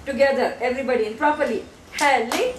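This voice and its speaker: A woman speech teacher drilling a child on syllables, firm and insistent, repeating words slowly. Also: high voice, big pitch swings, background noise. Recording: echoey room, mic far off.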